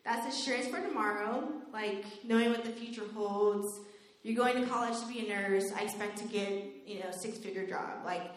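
Animated young woman in an echoey room. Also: fairly high pitch. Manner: animated storytelling, laughs often, says "like" a lot. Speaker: youth speaker. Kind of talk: faith talk with personal stories.

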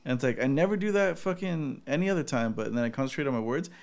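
A man's voice: medium pitch, animated, quick pace. A man in casual chat, laid-back and reflective, swearing often.

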